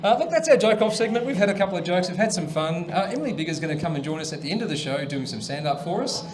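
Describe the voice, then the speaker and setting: A man's voice: high-pitched, sing-song, racing, noisy background. A man hosting a comedy show, chatty and telling jokes, laughing at his own punchlines. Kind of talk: stand-up joke telling.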